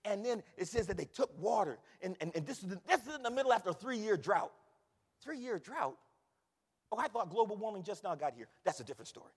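A male preacher with a high, husky voice that leaps up and down as he preaches. He drops to near whispers, then rises to shouts. A long hall reverb trails each phrase. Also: expressive, brisk. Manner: preaching with wide swings from hushed to shouting. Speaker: pastor. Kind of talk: sermon.

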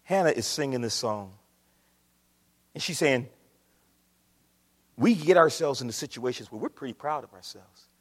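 A man preaching a sermon to his church, swinging from quiet, low passages up to loud, shouted ones. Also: expressive, moderate pace, pauses often. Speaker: pastor. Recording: long hall reverb.

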